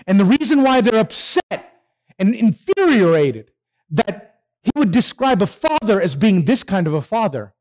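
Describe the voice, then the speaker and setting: A man preaching a sermon, asking his listeners questions and answering them himself. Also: high voice. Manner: animated, asks the congregation questions and answers them.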